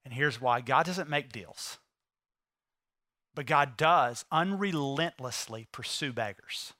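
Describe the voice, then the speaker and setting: A man preaching a sermon to a congregation, swinging from loud, pleading acted quotes to hushed, intimate asides. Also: fairly high pitch, no room sound, studio quality. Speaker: pastor.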